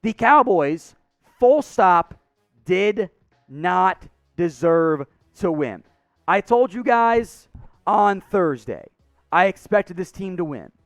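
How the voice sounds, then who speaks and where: A man hosting a sports show, ranting in frustration, his voice going hoarse. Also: high voice, very animated, takes it slowly, no room sound, faint music behind. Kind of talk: fired-up sports commentary.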